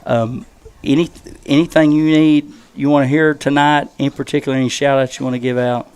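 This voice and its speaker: Male school-show host, mid-pitched, easygoing ribbing, loose and rambling delivery. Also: little pitch movement, brisk, a little mellow, clean tone. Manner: joking, rambling with fillers. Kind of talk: casual chat.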